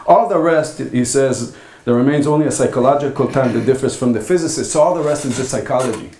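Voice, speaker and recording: A man delivers a philosophy lecture at an academic workshop, his voice sitting at an ordinary middle pitch. He talks haltingly and thoughtfully, pausing often as he builds his points. The recording carries the roomy echo of a lecture hall. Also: mellow, a little hiss or hum. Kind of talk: academic conference talk.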